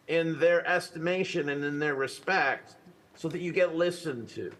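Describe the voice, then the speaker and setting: A man's voice: on the high side, normal speed, fairly bright tone. An older man answering conference questions in an authoritative way, letting his voice drop at the end of sentences. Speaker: conference speaker. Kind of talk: Q&A answers at a talk.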